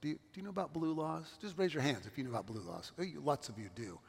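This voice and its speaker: A man's voice: a little high, fast talker, vocal fry, husky, long reverb tail. A middle-aged man from California, a pastor giving a sermon and telling stories with asides to the congregation.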